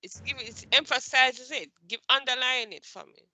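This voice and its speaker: A woman's voice: sits high, normal speed, bright, forceful tone. A woman instructor teaching a computer class, asking questions and repeating her points patiently.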